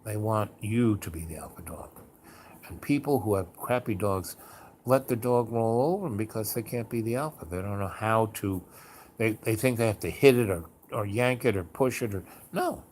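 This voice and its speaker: In a casual storytelling monologue, a male host with a fairly low, expressive, slightly mellow voice meanders along at a moderate pace, saying "you know" and "like" a lot. When quoting someone, he switches into a louder theatrical voice. A little hiss or hum can be heard.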